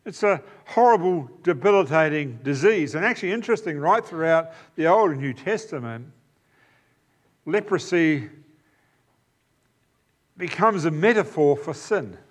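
A man's voice: fairly high pitch, expressive, a little slow, pauses often. A man preaching a sermon in an earnest, emphatic way, often repeating key phrases. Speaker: pastor.

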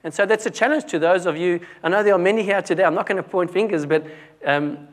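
A young adult man with a high-sitting voice talks fast as he preaches a conversational sermon. He restarts sentences and often drops his voice dramatically to stress a point.

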